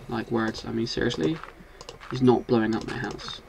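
A man giving casual, excitable commentary while playing a video game, scolding and swearing at the monsters on screen. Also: mid-range voice, moderate pace, creaky, dull audio, slight background noise. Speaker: gaming video host.

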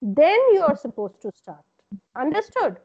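A woman's voice: high-pitched, sing-song, normal speed, darkish tone. A woman lecturer with an Indian English accent, giving corrective feedback over a video call and repeating her points. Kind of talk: online class feedback. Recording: dull lo-fi online call audio.

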